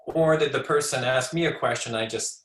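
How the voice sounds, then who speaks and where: A man's voice: mid-range voice, brisk, a bit bright, reverberant, low-quality recording. A man in his forties, a speech pathologist, giving an informal educational talk in a conversational way, often restarting his words. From United States. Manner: conversational, repeats and restarts words, acts out short examples.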